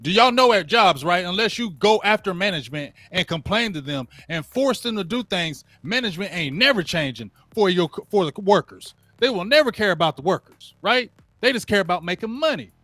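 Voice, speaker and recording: A man's voice: sits high, lively intonation, fairly quick, sharp tone, no echo. A man hosting a sports show, ranting casually and talking straight to his viewers during a live game watch-along. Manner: ranting, addresses viewers directly; casual slangy talk. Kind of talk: live play-by-play rant while watching a game.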